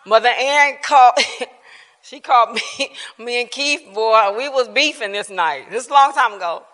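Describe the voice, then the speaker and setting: A woman's voice: fairly high pitch, normal speed, fairly bright tone. A woman giving a casual personal testimony at a church bible class, colloquial and laughing often. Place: church hall. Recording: reverberant church hall.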